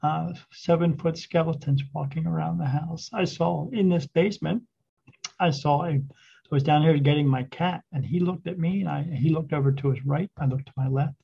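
Gravelly man telling a ghost story. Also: fairly high pitch. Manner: rambling, halting retelling with restarts. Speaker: spirit medium, podcast guest. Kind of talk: casual storytelling. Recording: dull lo-fi sound.

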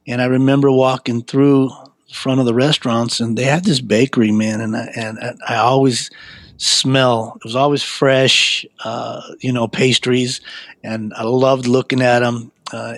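A man, an interview guest, telling a personal story in a casual, laid-back, animated way. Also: mid-range voice, unhurried, no echo.

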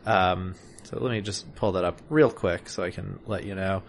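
A man co-hosting a podcast in casual chat, hesitant with many fillers and restarts, with a dry, deadpan humor. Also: sits low, moderate pace, a little hiss or hum. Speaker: podcast co-host.

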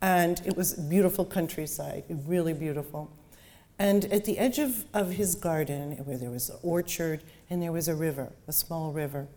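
A woman author with a low, warm, mellow voice, reading steadily and then chatting with a few fillers. Her voice rings through a large hall with a long reverb tail. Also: normal speed. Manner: chatty, with fillers and restarts when talking. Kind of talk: reading aloud then talking about her book.

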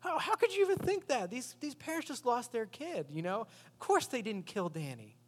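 A high, indignant small-town policewoman, put on by a man during a sermon, snapping back sarcastically. She sounds trusting and stung, her voice pitched up sharply. A long reverb trails each line from the hall. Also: very animated, moderate pace, full character voice. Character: exasperated small-town female detective, trusting.

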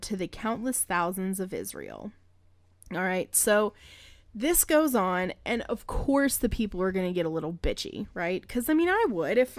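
An irreverent woman podcast host reads scripture aloud and breaks in with crude, joking asides. Her voice sits at an ordinary middle pitch. The sound is dry and close, with no room echo. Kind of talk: casual Bible reading and commentary.

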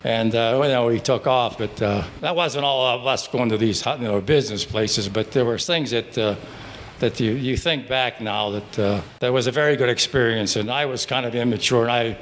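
A man's voice: mid-range voice, a bit bright, a little hiss or hum. Older man rambling through war stories. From Pittsburgh, Pennsylvania. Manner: rambling, halting, with many restarts and fillers. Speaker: veteran telling stories. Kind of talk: live storytelling at a breakfast gathering. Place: restaurant dining room.

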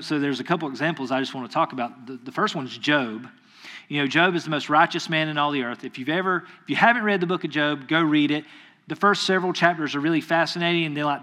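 A man delivering a sermon with a bright, forceful tone and a slightly raised pitch. He preaches in a relaxed, conversational way, acting out quoted voices and throwing quick asides to his listeners. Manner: acts out quoted voices in retellings.

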